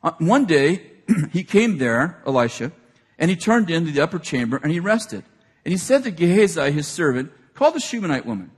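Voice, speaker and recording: A man preaching a sermon. He retells scripture in everyday speech and builds to shouted, excited appeals. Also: fairly high pitch, moderate pace, husky. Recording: long hall reverb.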